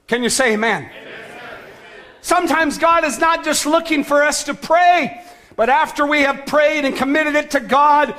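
A man preaching a sermon as pastor, emphatic, with shouted calls to action and sudden soft, low passages.

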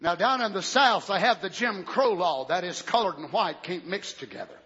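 A man preaching a sermon, telling a story in folksy rural grammar and rising to shouted questions. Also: high-pitched, animated, moderate pace, breathy edge. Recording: echoey hall, muffled old recording.

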